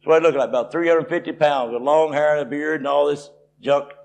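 A man's voice: a little high, fairly even intonation, fairly quick, vocal fry, darkish tone. A man from Tennessee, preaching and telling a personal story in a folksy, rising way. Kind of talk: sermon testimony.

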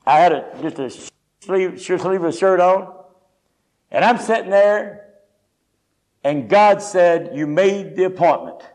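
A man preaching, telling a folksy, animated personal story with quoted speech. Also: high-pitched, slow pace, pauses often. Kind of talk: sermon testimony storytelling.

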